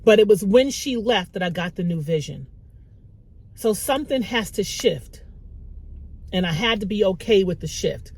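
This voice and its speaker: A woman's voice: normal speed, pauses often, breathy edge. A middle-aged woman and mother giving a heartfelt faith pep talk to the camera, conversational and tearful. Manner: warm, conversational, lively pitch swings with bursts of laughter. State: tearful, emotional. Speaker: mother and small business owner.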